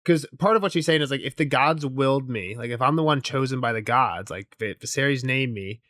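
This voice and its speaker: A man's voice: mid-range voice, brisk, no room sound, clean studio sound. A young man co-hosting a podcast, casually recapping a TV episode, acting out character lines and laughing often. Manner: animated retelling, quoting characters, laughing often. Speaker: podcast co-host.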